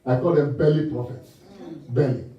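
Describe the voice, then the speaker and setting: A man from Ghana preaching a sermon in an animated way, asking the congregation call-and-response questions and laughing along with his own stories. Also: mid-range voice, moderate pace. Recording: distant mic in a reverberant church hall, muffled.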